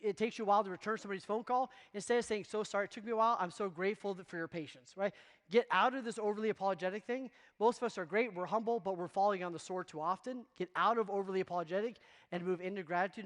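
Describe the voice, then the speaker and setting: A man giving a motivational keynote to real estate agents, energetic and constantly checking in with the audience. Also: high voice, big-room sound. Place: conference stage before a live audience.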